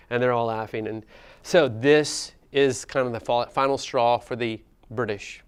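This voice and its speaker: A man's voice: mid-range voice, steady tone, measured pace, smooth. A man teaching a history class, talking conversationally and asking students questions as he goes. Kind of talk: classroom lecture.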